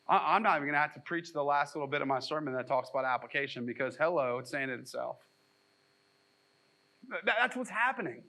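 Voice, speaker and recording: A man's voice: high-pitched, pushed and bright, poor audio. A man preaching a sermon at a church as pastor, conversational and joking, acting out quotes in mock voices.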